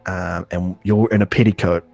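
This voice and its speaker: A man recapping an episode on a casual podcast, halting, full of ums and restarts, laughing often. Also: low voice, fairly even intonation, creaky, a little mellow. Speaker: podcast host.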